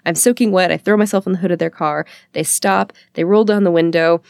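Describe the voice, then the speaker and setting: A woman telling a personal story in a casual, chatty and animated way, laughing often as she talks. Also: lowish voice, brisk, vocal fry, clear, resonant tone, no echo, clean studio sound. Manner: chatty, animated, acts out her own quotes; laughs often while talking.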